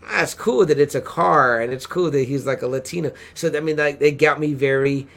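A man from San Antonio, Texas, co-hosting a podcast in loose, casual chat. He pitches a little high and tells stories with energy, slipping into excited quotes as he goes. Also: fairly quick, vocal fry. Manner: animated storytelling, acts out excited quotes. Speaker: podcast co-host.

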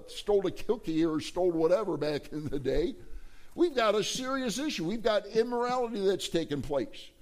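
A man's voice: high voice, darkish tone. A male pastor preaching a sermon, telling a story with rhetorical questions and acted-out characters.

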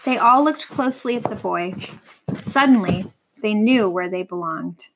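A woman reading a picture book aloud to a young child, gentle and warm, stopping to ask the child questions. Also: mid-range voice, unhurried, poor audio.

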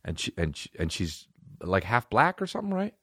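Lively low-voiced male podcast host. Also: fairly quick, husky, dry recording, clean studio sound. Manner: profane, rambling, voices made-up dialogue. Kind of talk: casual comedic rant.

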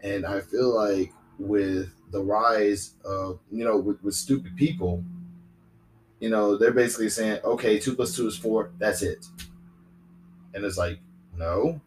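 A young man talks alone on his podcast, circling back and repeating himself, full of fillers and restarts. His voice sits fairly low. A faint hiss runs under the recording. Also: measured pace, low-quality recording. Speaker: podcast host. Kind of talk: rambling solo podcast monologue.

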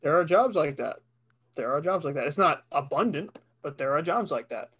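A man's voice: fairly high pitch, lively intonation, normal speed, a bit bright, breathy edge. A man who is a voice actor, a guest in a casual podcast chat, talking earnestly from experience.

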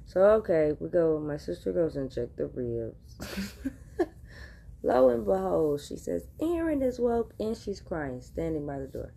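A woman's voice: deep voice, lively intonation, a little slow, gravelly, dark tone, slightly rough. A woman hosting a podcast, telling a casual story straight to her listeners, chatty and laughing often. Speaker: podcast host.

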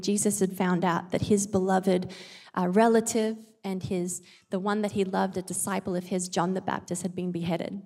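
A woman's voice: medium pitch, gravelly, darkish tone. An earnest, chatty woman talks through scripture like a casual devotional, breaking in with self-aware asides. Her voice sits mid-range. It echoes with a long reverb, as if in a large hall. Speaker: devotional speaker and mother. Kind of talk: casual Bible devotional talk.

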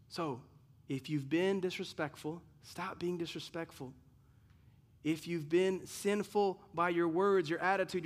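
A man's voice: high voice, fairly bright tone. A man pastor preaching a sermon in an earnest way, full of rhetorical questions and repeated restarts.

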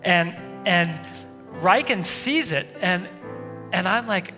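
A pastor preaching a sermon, telling a personal story in a loose conversational way with frequent restarts. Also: male voice, high-pitched, animated, unhurried. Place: church sanctuary. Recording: long hall reverb, faint music.

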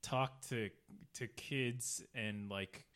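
A man in a casual chat, talking haltingly with many fillers. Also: mid-range voice, fairly even intonation, a bit bright.

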